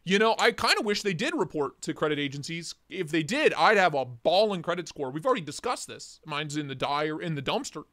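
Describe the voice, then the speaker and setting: A man's voice: on the high side, sing-song, brisk, few pauses, a bit bright. A man hosting a casual morning livestream. He greets viewers by name, jokes and rambles. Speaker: livestream host.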